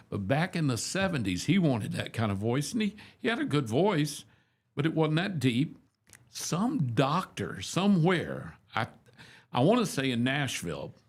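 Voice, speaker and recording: A man in his seventies, a radio host, telling rambling, self-deprecating stories in a casual, folksy chat. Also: medium pitch. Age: 70s.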